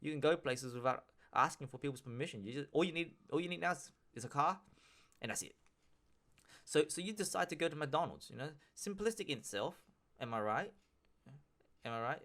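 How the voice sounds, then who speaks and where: A man's voice: a little high, lively intonation, brisk, fairly bright tone. A man hosting a solo podcast, talking casually and rambling with frequent restarts, slang and swearing. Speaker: podcast host.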